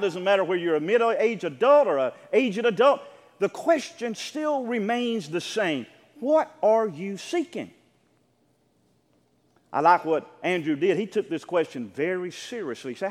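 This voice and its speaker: A man preaching a sermon as pastor of his church, emphatic and building to near shouts. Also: sits high. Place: church sanctuary. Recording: long church reverb.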